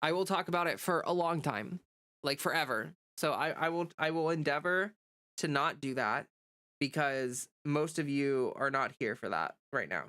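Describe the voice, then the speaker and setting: A content creator with a cold sounds nasal and blocked up as she livestreams, reading comments and chatting casually. Her low, slightly bright voice is animated at a normal pace, rambling and filled with fillers.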